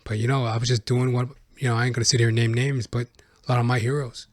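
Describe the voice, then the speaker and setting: A man's voice: mid-range voice, level tone, fast talker, no room sound, studio quality. A man hosting his own podcast, telling stories in a casual solo monologue, profane and rambling. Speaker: podcast host.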